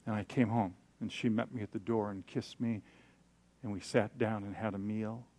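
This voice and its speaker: A man's voice: fairly low pitch, steady tone, normal speed, mellow. A man preaching, telling a personal story in a candid, self-deprecating way and acting out the voices he quotes. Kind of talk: sermon storytelling.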